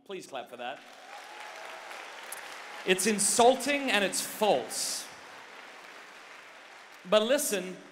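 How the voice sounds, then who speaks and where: A man speaking to a large conference audience in an energetic, joking way, talking straight to the crowd. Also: sits high. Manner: joking, direct, keeps addressing the audience. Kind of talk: energetic motivational talk to a crowd. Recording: long hall reverb.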